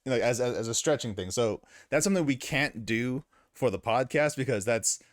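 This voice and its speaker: A man's voice: mid-range voice, expressive, moderate pace, no echo, clean studio sound. A man co-hosting a podcast in casual chat, stammering and teasing the others. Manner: stammering, teasing, laughs often. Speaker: podcast co-host and streamer.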